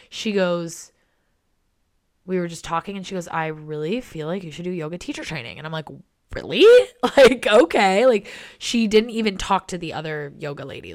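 Young woman, podcast host, lowish voice, chatty, excitable, swears a lot. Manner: chatty and excitable, swears freely, many "like" fillers. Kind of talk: casual solo podcast monologue.

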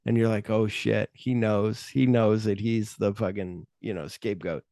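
A man's voice: lowish voice, fairly even intonation, normal speed, mellow, no room sound, studio quality. A middle-aged man hosting a podcast, retelling movie scenes in casual chat and swearing freely. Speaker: podcast host.

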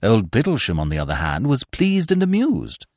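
Expressive male storyteller. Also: on the low side, moderate pace, no room sound, clean studio sound. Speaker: narrator. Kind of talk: audiobook reading of a classic comic novel.

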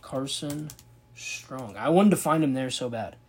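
A man's voice: mid-range voice, expressive, measured pace, darkish tone, husky. A man hosting a casual sports video, commenting on a football draft, thinking aloud and reacting with disbelief.

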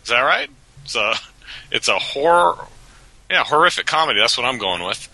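Brief: male podcast co-host, bright tone, lively and unhurried, jokey. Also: mid-range voice, vocal fry, breathy edge, no echo, rough recording. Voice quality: laughs often, jokey. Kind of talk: casual chat.

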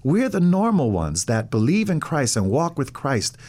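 A man's voice: a little high, very animated, normal speed, a little mellow. A middle-aged man, a pastor, telling his faith story in an interview and acting out the voices of people in it. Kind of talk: testimony in an interview.

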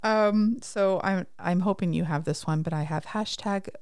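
A woman's voice: fairly low pitch, measured pace, darkish tone, clear, resonant tone. A woman in casual chat, retelling a movie's scenes with many fillers like "like" and "you know". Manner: chatty, lots of "like" and "you know".

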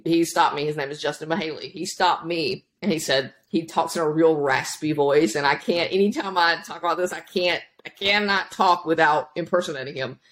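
A woman in her thirties chatting as a podcast guest, telling her story in an animated, rambling way. She restarts her sentences often and acts out what other people said along the way. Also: low voice. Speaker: podcast guest, powerlifting coach. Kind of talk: casual interview storytelling.

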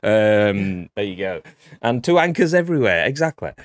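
A man's voice: lowish voice, big pitch swings, normal speed, no room sound, studio quality. A man co-hosting a video game podcast, joking and bantering casually and swearing freely. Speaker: podcast co-host. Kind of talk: casual live-stream chat.

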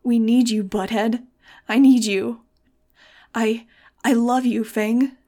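A woman voicing a fierce, desperate teenage girl in an audiobook, yelling frantically. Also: fairly high pitch, steady tone, slow, voice pushed up. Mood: frantic yelling. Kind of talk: audiobook character voice.

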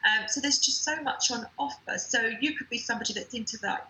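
A woman speaks with a bright, forward tone as an interview guest. She talks eagerly, piling up details. The room around her sounds echoey. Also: on the high side, quick pace, slight background noise. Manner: enthusiastic, listing details. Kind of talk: casual interview chat.

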